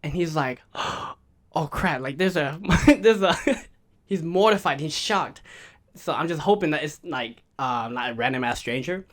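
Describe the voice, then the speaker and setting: A man's voice: on the high side, normal speed, fairly bright tone. A young man telling a funny family story on a casual podcast, laughing often and acting out the quoted voices. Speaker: podcast co-host.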